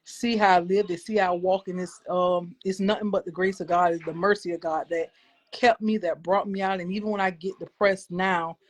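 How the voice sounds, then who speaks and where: A woman's voice: fairly low pitch, steady tone, fairly quick. Earnest woman sharing a faith testimony. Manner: earnest, reflective, speaks of faith openly. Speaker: guest. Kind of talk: personal faith testimony in conversation.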